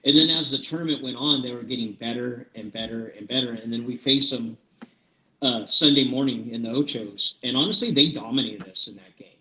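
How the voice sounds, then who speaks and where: A man's voice: mid-range voice, brisk, sharp tone, echoey room, low-quality recording. A man coaching paintball, thoughtfully recounting practices and matches on a podcast, with many ums. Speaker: paintball coach and show panelist. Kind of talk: casual podcast analysis.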